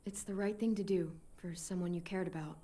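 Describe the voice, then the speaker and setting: A woman's voice: fairly low pitch, fairly even intonation, fairly quick, warm tone, lightly acted. An actress playing a kind, curious young woman in a game.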